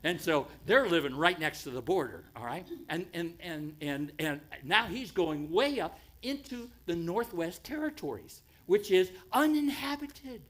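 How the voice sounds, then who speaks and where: An American man preaches in a church, spinning a dramatic story for his congregation. His fairly high voice swoops through a lively range, rising to near-shouted pleas, then dropping to hushed, low lines. He repeats phrases for effect as he builds the tale. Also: measured pace, few pauses. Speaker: pastor. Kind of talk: sermon storytelling. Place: church sanctuary.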